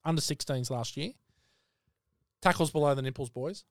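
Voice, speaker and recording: A man co-hosting a podcast, opinionated and halting as he talks. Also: fairly high pitch, no echo, studio quality. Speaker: podcast co-host and youth rugby coach. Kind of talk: casual chat.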